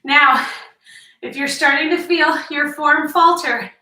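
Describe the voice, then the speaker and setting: Middle-aged woman fitness coach, high bright voice, winded, slow encouraging rep counts, echoey room, mic set back. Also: distant mic. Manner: encouraging, counts reps, explains form. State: out of breath, sighing between sets. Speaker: fitness instructor. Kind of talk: workout instruction.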